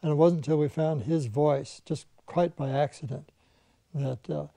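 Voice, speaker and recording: An older man with a gravelly, somewhat high voice recalls his animation studio days in relaxed conversation. He spins anecdotes and mimics the people in them. His tone is mellow and the sound is close and dry. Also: normal speed, no echo. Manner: anecdotal storyteller who mimics the people he quotes. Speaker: veteran animation filmmaker. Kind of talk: reminiscing conversation.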